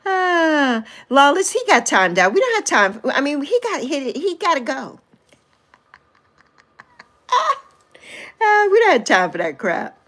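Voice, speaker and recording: Her voice is high and a bit bright, swinging widely in pitch, unhurried and full of pauses. She's a livestream host in her sixties who chats casually with viewers, reads and replies to their comments, teases them playfully and laughs a lot.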